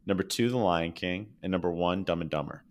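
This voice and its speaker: A man with a very low, smooth and resonant voice co-hosts a casual podcast. He talks with eager, jokey enthusiasm and sometimes restarts his sentences when he gets excited. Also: fairly quick. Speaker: podcast co-host. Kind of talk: casual chat.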